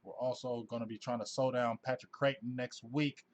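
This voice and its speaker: A man in his forties hosting a casual sports fan livestream, talking in an animated, effusive way and reading out viewers' names. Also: mid-range voice, brisk. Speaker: host of a sports fan live show.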